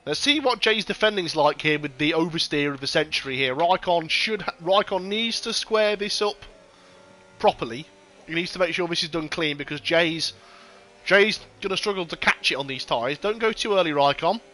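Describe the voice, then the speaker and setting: A man giving casual, excitable sim racing commentary with lots of banter and swearing. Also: a little high, normal speed. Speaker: race commentator.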